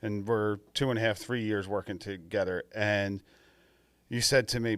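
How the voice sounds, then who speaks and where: Earnest, fairly low-voiced male co-host. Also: steady tone, moderate pace, no echo. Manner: earnest, repeats words as he restarts. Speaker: podcast co-host, golfer. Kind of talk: casual podcast chat.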